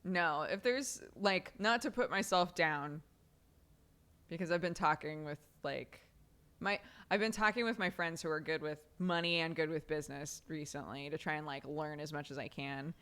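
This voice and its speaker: A woman talks casually with her live-stream audience in a slightly low voice. She rambles, leans on filler words, swears freely and laughs as she goes. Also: normal speed, fairly bright tone. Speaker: streamer answering chat.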